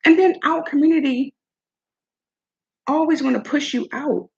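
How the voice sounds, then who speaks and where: Older woman, commentary vlog host, gravelly fry, somewhat high voice, sassy and blunt. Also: measured pace. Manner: sassy, talks straight at her subject. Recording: dull lo-fi recording.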